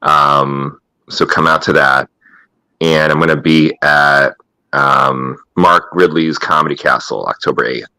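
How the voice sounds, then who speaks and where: Deep, bright-toned comedian on a video call. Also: male voice, lively intonation, measured pace, creaky, no echo, rough recording. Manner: rambling, crude joking. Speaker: guest comedian. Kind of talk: casual chat.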